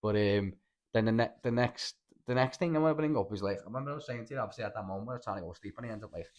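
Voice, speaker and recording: A young man with a thick Scouse accent spins a rambling tale on a casual podcast. He talks very fast in a low voice, piling on slang and swearing as he goes. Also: dull audio. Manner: rambling, animated storytelling with lots of slang and swearing. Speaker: podcast host. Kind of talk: casual chat.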